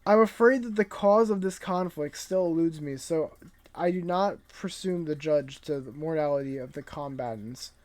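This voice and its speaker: A man voicing an old male genius scientist from a comic, reading his lines in a formal, lecturing storyteller tone, a little higher and louder than his own voice. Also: normal speed, close to an everyday voice. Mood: solemn lecturing.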